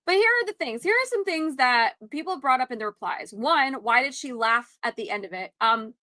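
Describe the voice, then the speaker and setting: Woman co-host, fairly high, forceful voice, blunt and emphatic. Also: lively intonation, fairly quick, no echo. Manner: emphatic, outspoken, swears freely. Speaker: podcast co-host. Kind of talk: casual chat.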